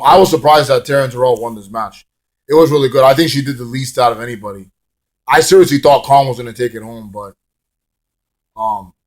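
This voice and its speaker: A man casually reviewing a wrestling show in a rambling, swear-laced manner, drifting into hummed song bits. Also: medium pitch.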